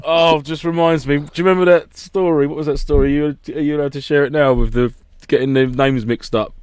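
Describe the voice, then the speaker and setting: A man's voice: on the high side, steady tone, fairly quick, a little mellow, clean tone, dry recording. A man hosting a podcast, bantering in a matey, laughing way. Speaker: podcast host. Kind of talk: casual chat.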